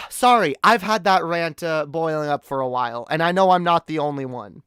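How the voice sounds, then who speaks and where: A woman's voice: deep voice, moderate pace, fairly bright tone, clean tone, dry recording, studio quality. A woman from Canada streaming a heated, profane rant, often stumbling and repeating words. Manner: angry, profane, with frequent restarts and repeated words. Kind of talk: ranting commentary on a live stream.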